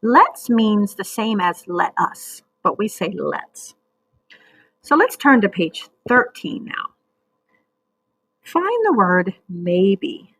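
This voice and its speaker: Husky-voiced woman teaching little kids to read, slow and patient, dry close sound. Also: medium pitch, fairly bright tone, dry recording, rough recording. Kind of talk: recorded reading lesson for young children.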